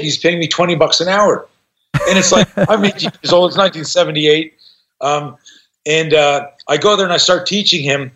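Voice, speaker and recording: A man's voice: fairly high pitch, moderate pace, low-quality recording. A middle-aged man telling a story as a podcast guest, swearing freely and acting out the voices of the people in it. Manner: profane, animated, acts out quoted voices. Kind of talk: casual storytelling.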